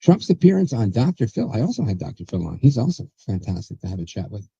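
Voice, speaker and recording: A man's voice: lowish voice, very animated, fast, vocal fry, mellow, husky, no echo, muffled recording. A man hosting a political talk show, chatty and sarcastic, rambling with restarts. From USA. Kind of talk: casual political commentary.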